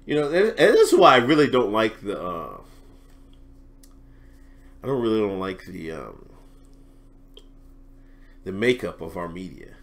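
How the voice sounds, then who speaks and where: Lively, bright-voiced male commentator. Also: on the low side, unhurried, long pauses. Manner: animated, laughs often, slangy and talkative. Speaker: commentary vlogger. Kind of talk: casual reaction commentary.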